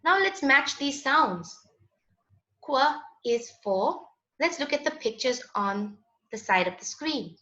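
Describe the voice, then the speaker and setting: A woman's voice: high voice, sing-song, slow, sharp tone. A woman teaching a children's phonics lesson in a patient, sing-song voice. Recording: echoey, dull lo-fi room sound.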